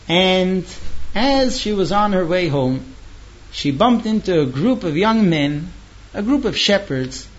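Male storyteller, lively with dramatic pauses, high voice, dull lo-fi recording. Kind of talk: oral storytelling.

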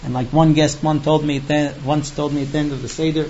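High-pitched guy teaching a text, rattles off the hebrew then explains it, muffled lo-fi sound. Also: flat delivery, warm tone, slight background noise. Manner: chants the Hebrew quickly, then explains it in plain talk; emphatic, talks straight to the listener. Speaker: Torah teacher.

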